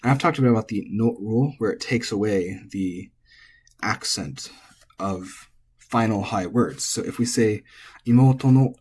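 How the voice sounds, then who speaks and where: A man who is not a native speaker, teaching pitch accent in an informal way, thinking aloud with asides and restarts. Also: moderate pace, slightly rough. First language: English. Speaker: language teacher. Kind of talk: explaining Japanese pitch accent.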